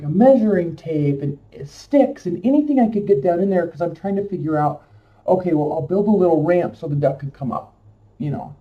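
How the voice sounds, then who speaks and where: Man, higher voice, casual emotional storytelling, rambling with fillers; set back from a dull lo-fi mic. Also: recorded from a distance.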